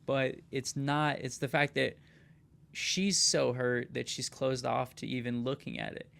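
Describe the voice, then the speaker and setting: A man's voice: mid-range voice, fairly even intonation, a little slow, vocal fry, fairly bright tone. A man hosting a casual podcast conversation, talking emphatically and often tossing in "dude", "man" and "right?". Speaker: podcast host.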